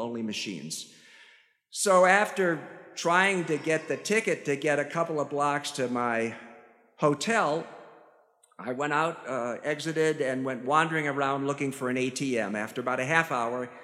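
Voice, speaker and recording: A priest with a Chicago accent preaching a sermon, telling stories with self-deprecating humor. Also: male voice, medium pitch, sharp tone. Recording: church hall reverb.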